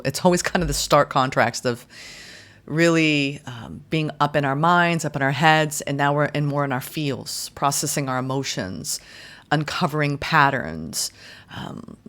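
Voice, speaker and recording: A woman giving a guided tarot and astrology reading in a gentle, soothing way, speaking in slow, deliberate phrases. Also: low voice. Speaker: tarot reader.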